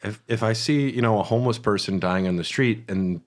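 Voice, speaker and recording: Low-voiced man in casual podcast banter. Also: fairly quick. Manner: loose, profane, animated storytelling. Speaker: podcast co-host. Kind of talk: casual gaming podcast chat.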